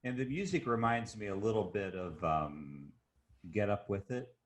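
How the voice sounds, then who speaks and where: Deep-voiced man reminiscing. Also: moderate pace. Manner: reminiscing, enthusiastic about music. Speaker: podcast co-host. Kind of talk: casual chat.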